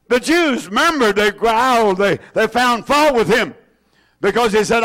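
Slow, emphatic high-voiced male preacher. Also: expressive, a bit bright. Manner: slow, emphatic preaching with drawn-out scripture quotes. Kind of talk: sermon.

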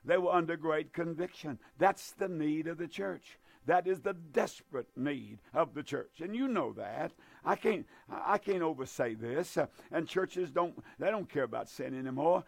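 Gravelly preacher, emphatic. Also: male voice, a little high, expressive, no room sound. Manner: emphatic, repetitive preaching with drawn-out stresses. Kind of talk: fervent sermon.

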